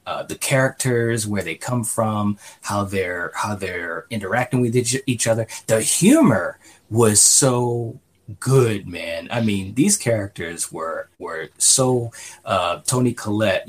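A man's voice: on the low side, measured pace. A man co-hosting a podcast, talking through a movie review in a rambling, casual way full of fillers. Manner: rambling, filler-heavy, often says "you know". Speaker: podcast co-host.

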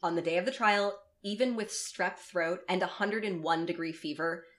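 A woman's voice: lowish voice, normal speed, fairly bright tone. A woman co-hosting a podcast, reading a true story aloud and breaking in with blunt, profane asides. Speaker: podcast co-host. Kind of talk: narrating a true story in casual chat.

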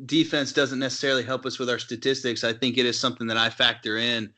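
A man hosting a podcast, chatting in a relaxed way with fillers and handing over to his co-hosts. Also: medium pitch, fast. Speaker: podcast host. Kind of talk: casual podcast chat.

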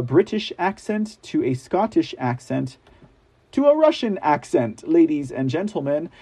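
A man's voice: on the high side, creaky, warm tone. Chatty man hosting a commentary show. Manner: chatty, many fillers, addresses viewers as guys; sarcastic asides when reading articles. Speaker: news commentary host. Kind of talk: casual political commentary show.

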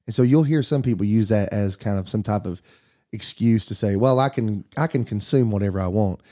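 A man's voice: lowish voice, a little fast, warm tone. A man, a pastor hosting the talk, speaking candidly and easily in casual conversation. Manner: easygoing, candid, storytelling. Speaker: pastor and podcast host. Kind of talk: casual chat.

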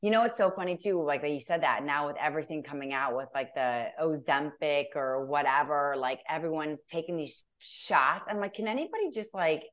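A woman's voice: low-pitched, moderate pace, few pauses, fairly bright tone. A woman hosting a podcast in casual chat, gushing and effusive, swearing freely. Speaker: podcast host.

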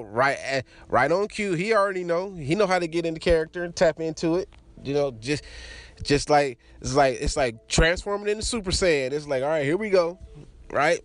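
A man's voice: a little high, lively intonation, moderate pace, no room sound. A man telling a crude personal story in casual chat, laughing often and restarting his sentences as he rambles. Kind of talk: casual anecdote monologue.

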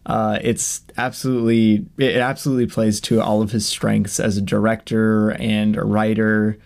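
Young man, podcast co-host, gravelly tone, laughs a lot, casual film chat. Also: on the low side, flat delivery, normal speed, a little mellow. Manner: laughs often, enthusiastic.

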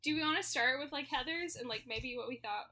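A woman's voice: high-pitched, a little fast, sharp tone. A woman co-hosting a podcast, chatting casually and laughing often as she recaps a musical. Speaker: podcast co-host. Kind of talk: casual chat summarizing a musical.

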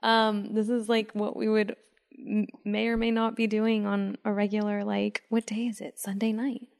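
A woman co-hosts a casual podcast, chatty and full of quick asides. Her mid-pitched voice carries a gravelly vocal fry. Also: little pitch movement, a little mellow. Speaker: podcast co-host. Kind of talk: casual chat.

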